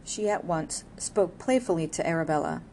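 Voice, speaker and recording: Woman, audiobook narrator, measured reading, mellow tone, faint hiss. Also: low voice, expressive, creaky. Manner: measured reading of a classic novel. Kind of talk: scripted narration.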